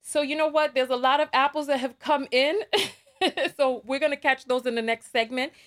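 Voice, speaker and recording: A woman's voice: high voice, steady tone, moderate pace, fairly bright tone. A woman with a New York accent hosting a livestream talk show, chatty and sassy, reading out viewer donations and laughing often.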